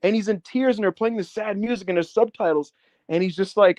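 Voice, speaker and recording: Animated, swearing man on a podcast. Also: sits high, fairly quick, no room sound. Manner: animated storytelling, swearing, acts out quotes. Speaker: podcast co-host. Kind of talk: casual podcast chat.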